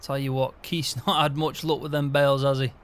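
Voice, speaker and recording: A man's voice: mid-range voice, flat delivery, a little fast. A man in casual game roleplay, chatting as a farm hand in an easygoing way with mild swearing.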